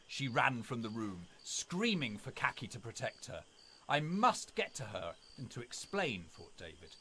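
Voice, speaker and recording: A man reading a spooky story aloud in a dramatic, expressive way. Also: on the low side, a little hiss or hum.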